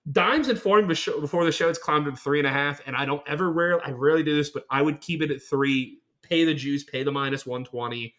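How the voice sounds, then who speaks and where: A male podcast co-host with a Western Pennsylvania accent, talking in a loud, profane and joking way. His voice is bright and forward. He keeps dropping into quick impressions of other people. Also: on the high side. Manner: profane, boisterous, jumps into exaggerated impressions. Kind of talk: casual chat.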